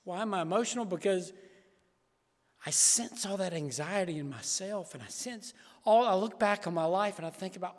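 A middle-aged man, a pastor preaching an emotional sermon that swings from quiet to raised. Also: sits high, expressive, moderate pace, big-room sound.

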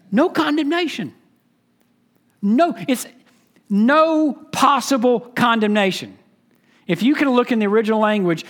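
A pastor preaching an expository sermon, emphatic and teaching, repeating key phrases and asking the listeners questions. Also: mid-range voice.

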